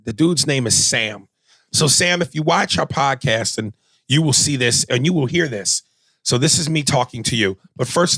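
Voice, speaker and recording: Brash gravelly comedian host. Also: male voice, mid-range voice, no echo. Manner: brash, profane, animated comic. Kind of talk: casual comedy podcast chat.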